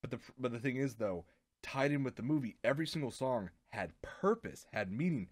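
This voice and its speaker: Male co-host, earnest explainer in relaxed banter, medium-low voice, dry sound. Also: a little fast, breathy edge, dry recording. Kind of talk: casual chat over drinks.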